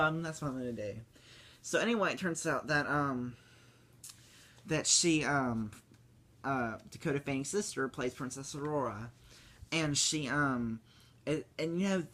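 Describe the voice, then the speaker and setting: Rambling man reviewing a movie. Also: a bit bright. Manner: rambling, full of fillers and restarts; breaks into squeaky high voices to mimic characters.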